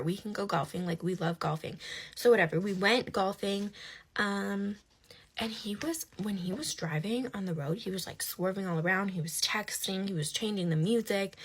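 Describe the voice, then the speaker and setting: Husky young woman telling a story. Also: medium pitch. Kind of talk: casual storytelling.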